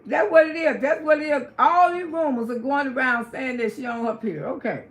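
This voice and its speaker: An older woman hosting a live stream, chatting loudly with viewers, laughing often and swearing freely as she gossips. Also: high-pitched, brisk. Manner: loud, cackling, outspoken gossip. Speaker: livestream host.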